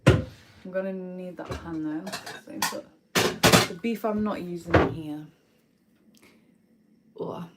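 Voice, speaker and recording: A woman's voice: on the low side, slow, pauses often, very noisy. A young woman chatting casually on a live stream while she cooks, slangy and answering viewer comments as she goes. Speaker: livestreamer. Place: home kitchen, indoors.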